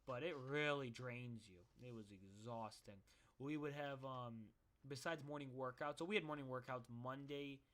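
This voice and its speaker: A man's voice: medium pitch, normal speed, fairly bright tone. A young man telling stories in a casual, rambling monologue, joking at his own expense. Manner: rambling, self-deprecating joking. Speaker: vlogger.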